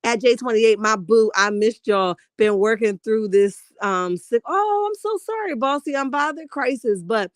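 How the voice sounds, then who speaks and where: Woman, live stream host, reads chat comments, sassy and animated, higher voice, dry close sound. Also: a little slow, few pauses, no room sound. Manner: animated, sassy, calls viewers honey. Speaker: livestream host reading chat.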